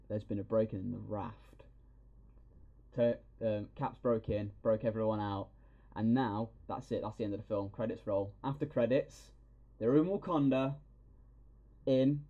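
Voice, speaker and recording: A man hosting a podcast, excitedly retelling a film scene by scene with plenty of swearing. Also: on the low side, dull audio. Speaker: podcast host. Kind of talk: casual film review chat.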